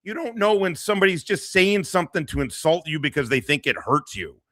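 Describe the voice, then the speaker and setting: Crude mocking male streamer, lively pitch. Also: a little fast, no room sound. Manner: mocking, crude, laughs often. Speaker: streamer host. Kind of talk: profane casual livestream rant.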